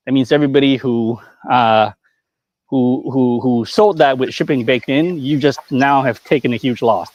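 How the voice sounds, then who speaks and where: A man's voice: medium pitch, normal speed, darkish tone, no echo, dull audio. Blunt, profane man ranting on stream. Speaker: figure store owner and stream host. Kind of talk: casual live-stream chat.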